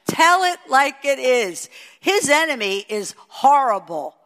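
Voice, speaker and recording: An older woman teaching a sermon, moving between emphatic high peaks and hushed, quiet asides. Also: takes it slowly. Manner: expressive preaching, rising to emphatic peaks and dropping to hushed asides. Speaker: Bible teacher. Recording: long hall reverb.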